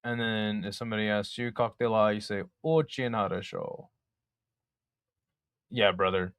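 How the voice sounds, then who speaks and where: His voice is lowish, a bit bright and smooth, moving at a normal speed with no room sound around it. As host of a casual live fight companion stream, the young man talks with his audience, reads chat aloud and swears liberally while calling the action.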